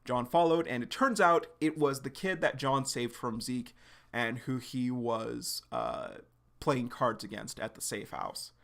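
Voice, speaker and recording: Young man, gravelly voice, mid pitch, casual slangy recap, lots of "like", live stream host. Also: very animated, unhurried, a bit bright. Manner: loose, slangy, full of "like" and swearing. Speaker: streamer reacting to a webcomic.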